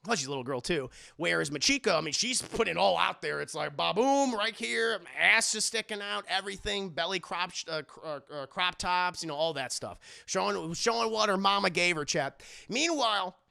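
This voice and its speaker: Male streamer, gravelly voice, loose and profane recap style. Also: high-pitched, expressive, brisk, hardly any pauses, sharp tone. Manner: loose, profane, addresses chat often. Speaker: streamer reviewing an animated show. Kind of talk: casual live-stream commentary.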